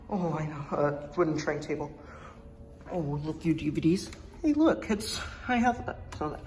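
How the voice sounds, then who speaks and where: A young woman vlogging in an indoor museum on a handheld phone, rambling and enthusiastic with many fillers, now and then dropping to a hush. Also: low voice, lively intonation, normal speed. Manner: drops to a hush at times. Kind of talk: excited vlog commentary.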